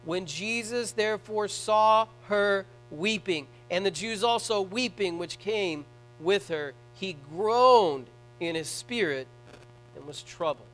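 A man preaching a sermon in a church, swinging between hushed, tender passages and loud, fervent ones. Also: high voice, poor audio. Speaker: pastor.

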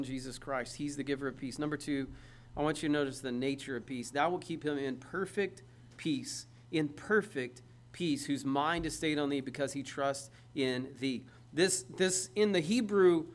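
High-pitched guy preaching, keeps repeating himself for emphasis, lots of questions to the room. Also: fairly bright tone. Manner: emphatic, repeats phrases, asks the listeners questions. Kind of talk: sermon.

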